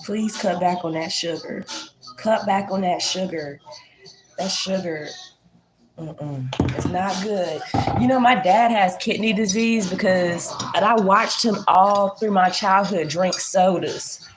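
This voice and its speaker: A woman's voice: mid-range voice, slow pace, music in the background. Chatty congested woman. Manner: chatty, folksy, addresses viewers as y'all. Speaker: vlogger. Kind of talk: casual chat to camera.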